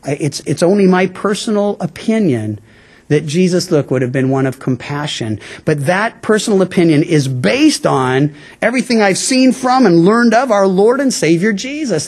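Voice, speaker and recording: A middle-aged male pastor preaching a sermon in a conversational, emphatic way, often restarting his words. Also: high voice.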